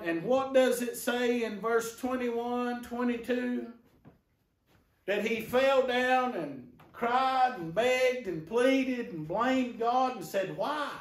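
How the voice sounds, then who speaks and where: High-voiced preacher in an echoing church. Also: male voice, far from the mic. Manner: rhetorical questions to the congregation. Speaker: pastor. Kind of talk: sermon. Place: church sanctuary.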